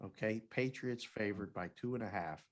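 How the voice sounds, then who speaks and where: A man co-hosting a betting podcast in casual chat, a former oddsmaker who tells an animated story and acts out the people in it. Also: fairly low pitch, normal speed.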